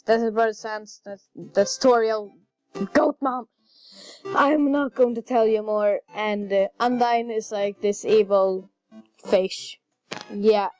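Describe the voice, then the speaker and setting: A woman chatting casually while playing a video game, excitable and easily flustered. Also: fairly high pitch. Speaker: gaming channel host. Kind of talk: casual gameplay commentary. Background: faint game music.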